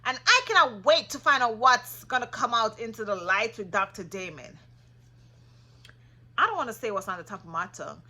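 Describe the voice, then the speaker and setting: A woman casually recapping a reality show, sassy and opinionated, getting loud when she gets passionate. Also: a little high, lively intonation, normal speed.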